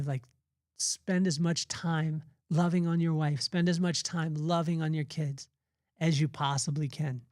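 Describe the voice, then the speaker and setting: Earnest man with a slightly high voice. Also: a little mellow, no room sound, studio quality. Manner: earnest, rambling, repeats and restarts phrases. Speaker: podcast host. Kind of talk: casual devotional talk.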